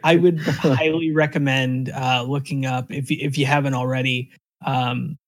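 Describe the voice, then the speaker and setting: A man's voice: mid-range voice, little pitch movement, measured pace. A man co-hosting a podcast in casual chat, rambling with restarts and some swearing. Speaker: podcast co-host.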